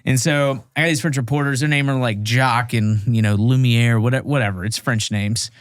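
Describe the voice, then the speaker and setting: A man's voice: mid-range voice, moderate pace, clean tone, dry recording, studio quality. A man in his thirties, a former Marine, telling a war story casually on a podcast, joking and acting out the people in it. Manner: animated, self-mocking, acts out dialogue. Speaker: podcast guest, Marine veteran.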